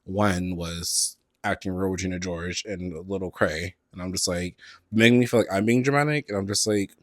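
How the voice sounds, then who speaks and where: A man hosting a casual solo podcast from the Bay Area, talking in a sassy, animated way with plenty of slang and swearing. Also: low voice, moderate pace, no echo, clean studio sound. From San Francisco Bay Area. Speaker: podcast host. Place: indoors at a table, on camera.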